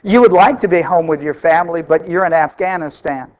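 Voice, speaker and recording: High-voiced man preaching a sermon. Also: fairly quick, muffled recording. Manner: emphatic, repeats phrases for stress. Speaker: pastor.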